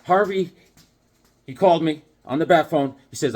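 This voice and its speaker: A man's voice: fairly high pitch, moderate pace, darkish tone. A man talking casually about the comic books he has collected, jokey and theatrical, breaking into little bits and voices. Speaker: comic book collector and video host. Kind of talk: casual vlog chat.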